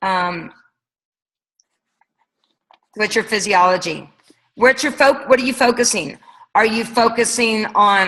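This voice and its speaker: A woman's voice: medium pitch, moderate pace, long pauses, pushed and bright, poor audio. A woman coaching her team on a leadership call, talking casually and energetically, firing off rhetorical questions. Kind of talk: motivational coaching talk.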